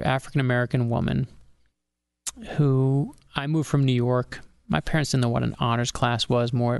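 A middle-aged man, an author being interviewed on a podcast, telling a personal story with animated energy and acting out the people he quotes. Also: mid-range voice, gravelly, smooth, no room sound, studio quality. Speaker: author guest.

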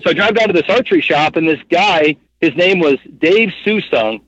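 A man in his thirties telling a long story as a guest in an interview, rambling and animated, with lots of fillers. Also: a little high, moderate pace, dry recording, dull audio. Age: 30s. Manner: rambling, animated, heavy with fillers like "like" and "you know what I mean". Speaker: guest, hunting guide and cameraman.

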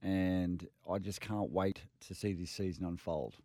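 A man's voice: low voice, fairly even intonation, unhurried, dark tone, dry recording, clean studio sound. A man co-hosting a sports radio show, talking in a laid-back, hesitant way. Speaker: radio sports co-host and former player. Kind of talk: casual sports radio banter.

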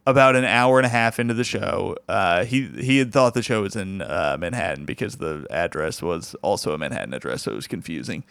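A young male comedian tells a story in a casual, animated way, laughing through it. His voice is smooth and clear, recorded dry and close. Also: medium pitch, dry recording. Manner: animated, laughs often while telling the story.

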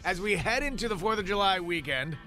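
A male radio host talking in a studio with a bright, forward tone, a little on the higher side. He keeps things moving with upbeat game-show banter, with faint music beneath. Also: expressive, brisk. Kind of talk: casual on-air banter.

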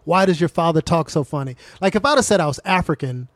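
A man in his forties, a stand-up comedian telling stories in a casual podcast chat, animated and profane. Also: fairly high pitch, fast, no room sound. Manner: profane, animated storyteller, laughs often.

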